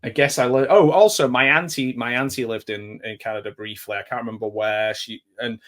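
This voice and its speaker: A man's voice: medium pitch, steady tone, a little fast, fairly bright tone. A man hosting a casual interview, chatty and easily amused. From England. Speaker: host.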